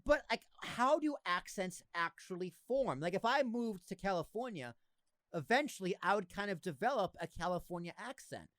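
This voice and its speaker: Animated high-voiced man with a Boston lilt. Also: normal speed, no echo. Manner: animated, laughing, jumps between thoughts. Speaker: podcast host. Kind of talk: casual chat.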